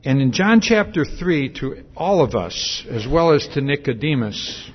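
Male preacher, unhurried and chatty, stops to ask the congregation questions; muffled lo-fi recording. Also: fairly high pitch, sing-song. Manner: conversational, with many fillers and restarts. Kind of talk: sermon.

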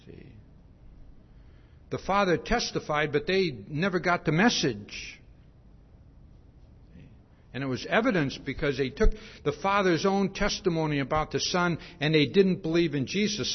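A man's voice: on the high side, expressive, unhurried, long pauses. A man preaching a verse-by-verse sermon, often ending points with "see?" and restarting his phrases. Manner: frequent "see?" tags, repetitions and restarts. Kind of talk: expository sermon. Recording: dull lo-fi recording.

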